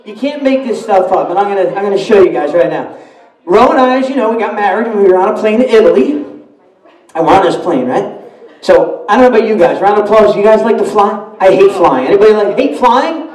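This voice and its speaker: A man, a party emcee telling a story to the crowd in a brash, animated way. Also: high voice, a little fast, distant mic. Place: banquet hall at a dinner dance. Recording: echoey hall, mic from afar.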